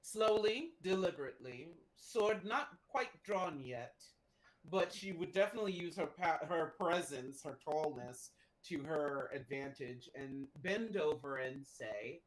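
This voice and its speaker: A woman speaks as a player in a tabletop game, slow and deliberate, with theatrical touches when she voices her character. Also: low-pitched, expressive, low-quality recording.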